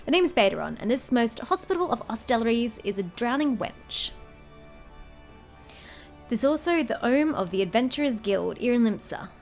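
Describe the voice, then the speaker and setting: A woman's voice: on the high side, big pitch swings, moderate pace, soft background music. Baderon, a hearty tavern keeper, read out by a woman. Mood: storytelling. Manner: reads lines aloud with a brief attempt at a rough accent. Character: middle-aged male tavern keeper, hearty sailor-town host.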